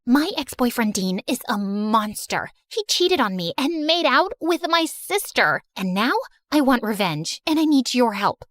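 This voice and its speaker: A woman's voice: on the high side, big pitch swings, a little slow, fairly bright tone, dry recording, studio quality. A woman voicing a vengeful, popular teenage girl who talks persuasively as she schemes. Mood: scheming.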